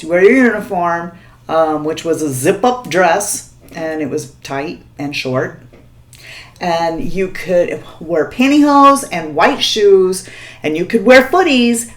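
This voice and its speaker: Chatty woman telling a story, slightly low voice. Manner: chatty, laughs often, keeps checking in with the viewer. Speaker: vlogger. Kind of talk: casual storytime chat.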